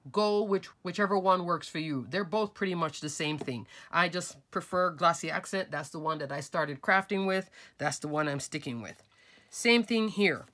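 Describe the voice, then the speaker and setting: A middle-aged woman with a slightly low voice, sounding nasal from a cold, talks viewers through a craft project. Her delivery is chatty and informal, and she calls her audience folks and crafters as she works at her desk. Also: a bit bright. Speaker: craft tutorial host. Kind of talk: casual step-by-step craft tutorial.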